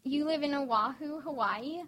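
A woman co-hosting a podcast, chatting in quick, bubbly banter and interviewing guests. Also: high-pitched, background noise. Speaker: podcast co-host.

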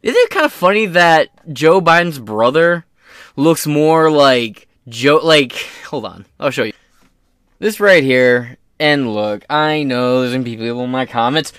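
A man's voice: medium pitch, animated, unhurried, a bit bright, clear, resonant tone, no room sound, clean studio sound. A man hosting a podcast, riffing on news in a rambling, profane, joking way. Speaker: podcast host. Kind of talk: casual political podcast commentary.

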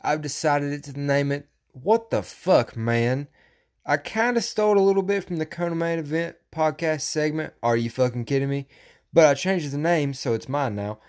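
A man hosting a combat-sports podcast, talking casually and profanely, breaking into loud, animated rants. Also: on the high side, moderate pace. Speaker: podcast host.

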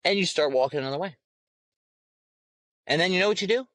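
Male host, heated profane rant, a bit high-pitched, dry close sound. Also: brisk, fairly bright tone, dry recording. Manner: heated, profane, emphatic, repeats phrases. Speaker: podcast host.

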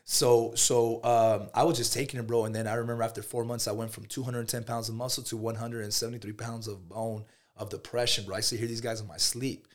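Fast-talking man telling a story. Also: mid-range voice. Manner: animated and slangy, calls listeners bro. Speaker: podcast guest, entrepreneur. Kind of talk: casual storytelling in a podcast interview.

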